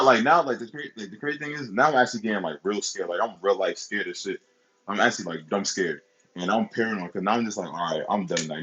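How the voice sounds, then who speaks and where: Young guy rambling thru a crazy story, lowish husky voice, swears a lot, repeats stuff. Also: fairly bright tone, poor audio. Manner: rambling, profane, repeats himself. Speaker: streamer telling a story. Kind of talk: casual storytime.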